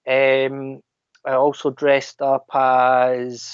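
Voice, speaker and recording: A man with a Scottish accent, a podcast guest telling animated anecdotes in casual chat. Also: fairly high pitch, unhurried, dry recording. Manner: animated anecdotes, mimics other people's voices. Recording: dull lo-fi dry sound.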